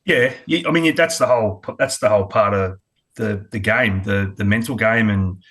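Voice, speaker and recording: A man's voice: fairly low pitch, normal speed, fairly bright tone. A middle-aged Australian man, a former cricketer, talking bluntly and candidly in a casual interview, often restarting his sentences. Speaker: former cricketer and coach, guest.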